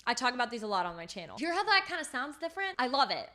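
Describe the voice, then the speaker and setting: A woman's voice: on the high side, sing-song, rapid-fire, pushed and bright, faint music behind. A woman vocal coach breaking down a singer's technique, with sung demonstrations between her explanations. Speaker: vocal coach reacting to a song.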